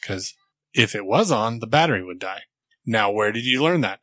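A man co-hosts a podcast, thinking through his points in a hedging way during casual chat. His voice sits fairly low but sounds bright. The sound is dry and close. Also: animated, moderate pace, dry recording. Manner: thoughtful, hedging. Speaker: podcast co-host.

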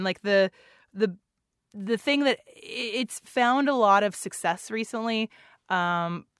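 A young woman rambles excitedly through a casual podcast chat, full of likes and ums. Her voice sits at an ordinary middle pitch. The recording is close and dry. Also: smooth, no room sound. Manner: rambling, heavy filler words; excitable, laughs often. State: recovering from losing her voice. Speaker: podcast co-host.

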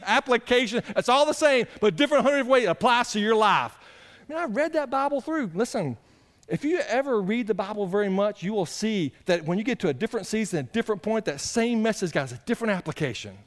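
A middle-aged man, preaching a sermon in a folksy, conversational way that swings between loud bursts and quiet asides. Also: high voice, expressive, quick pace. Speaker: pastor.

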